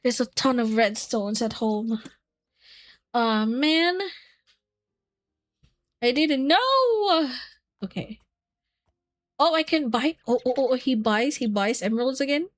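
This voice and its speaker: Slow-talking playful woman streamer. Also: a little high. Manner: playful, chatty, squeals and laughs often. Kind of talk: casual gameplay chat.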